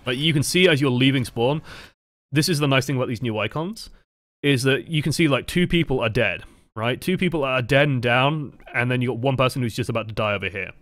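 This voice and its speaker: English guy breaking down game footage, chatty, sweary, mid pitch, lots of likes and ums. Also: brisk, a bit bright, dry recording, studio quality. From England. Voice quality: casual, profane, rambling with fillers. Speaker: game coach. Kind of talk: gameplay review commentary.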